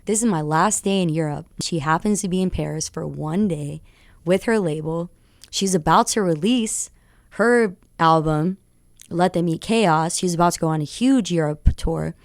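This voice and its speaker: Young woman rapper on a radio show, low gravelly voice, excited rambling storytelling, dry studio sound. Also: normal speed, no room sound. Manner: excitable, tumbling recounting with laughs. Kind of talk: animated storytelling interview. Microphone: studio radio mic.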